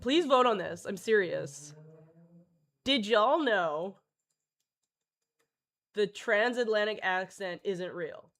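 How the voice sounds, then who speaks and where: A woman streaming live, talking to her chat in a loose, joking ramble that keeps stopping and restarting mid-sentence. Her voice sits at an ordinary middle pitch for a woman. It sounds close and dry, with no room echo. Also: animated, takes it slowly, pauses often, a bit bright. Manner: jokey, scattered, full of restarts and self-interruptions.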